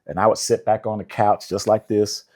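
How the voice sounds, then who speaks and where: An older man from Indianapolis, a songwriter being interviewed, telling relaxed stories with laughter and acting out the voices of people he quotes. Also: on the low side, moderate pace. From Indianapolis, USA. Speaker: songwriter guest.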